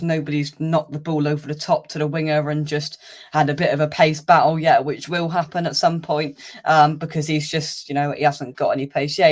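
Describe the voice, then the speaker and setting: Even-toned man breaking down tactics. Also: a little high. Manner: steady analytical, hedging with "um". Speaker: co-host. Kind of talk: casual football discussion.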